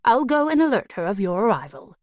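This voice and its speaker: A woman's voice: on the high side, very animated, a little fast, darkish tone, no room sound, pitched above the performer's own voice. A woman voicing a stuffy, posh male butler who speaks in a formal, refined way. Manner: formal, clipped and proper.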